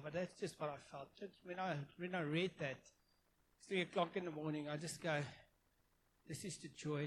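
Earnest South African man preaching, high voice. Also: a little hiss or hum, poor audio. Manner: earnest, halting, many restarts. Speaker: guest preacher. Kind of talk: informal sermon. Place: church congregation.

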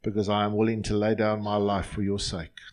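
A man's voice: on the low side, completely flat delivery, a little fast, darkish tone. A male pastor leading his congregation in an earnest, line-by-line prayer during a sermon in a church.

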